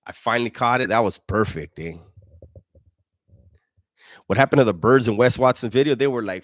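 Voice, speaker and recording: A man's voice: mid-range voice, normal speed, pauses often, no room sound, clean studio sound. A middle-aged man hosting a live stream, reading and answering chat in blunt, profane street slang with frequent restarts. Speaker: livestream host answering chat.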